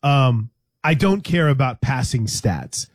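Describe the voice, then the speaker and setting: A man's voice: medium pitch, sing-song, takes it slowly, slightly rough, dry recording, studio quality. A man hosting a sports radio show, chatting casually about football with a co-host, with frequent restarts and light teasing. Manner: conversational, hesitant restarts, teasing.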